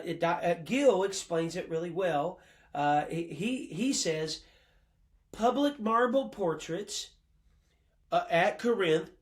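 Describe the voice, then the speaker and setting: Male Bible college professor with a high voice, lecturing a class emphatically and pausing often on fillers. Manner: emphatic, quotes sources, frequent uh fillers.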